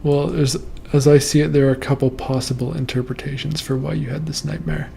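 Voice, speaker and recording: A man talks through listeners' nightmares in a calm, reassuring host's commentary. His voice has a gravelly fry and a dark, mellow tone. His delivery stays steady and flat rather than lively. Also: on the high side, a little hiss or hum. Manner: calm, measured, reassuring explanations. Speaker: host reading and interpreting nightmares. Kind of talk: casual commentary on listener dream posts.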